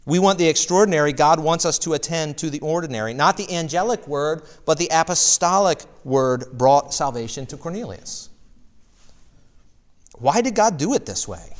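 Lively preaching man, fairly high voice. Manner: lively preaching with rhetorical questions and asides. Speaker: pastor. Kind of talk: sermon.

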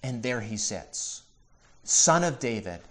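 A man preaching a sermon as pastor, earnest, building to emphatic repeated questions and dropping softly on key phrases. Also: medium pitch, very animated. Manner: drops to slow, soft emphasis on key phrases.

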